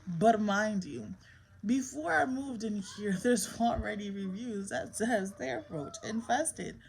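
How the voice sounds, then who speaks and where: A woman's voice: medium pitch, animated, slow, vocal fry, slight background noise, poor audio. Stern mother talking to camera. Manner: scolding, stern and emphatic with her child. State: emotionally strained. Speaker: mother and vlogger. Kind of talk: candid vlog talk to camera.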